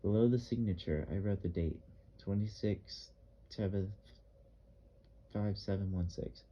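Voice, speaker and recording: A male audiobook narrator with a lowish voice, reading in the first person at a measured, even pace. The sound is dull and somewhat lo-fi, as if the highs are rolled off. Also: slight background noise.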